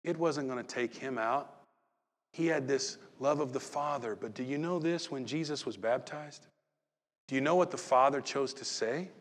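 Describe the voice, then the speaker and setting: A pastor preaching a sermon, moving from loud acted-out calls to soft, hushed talk. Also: male voice, medium pitch, moderate pace, long reverb tail.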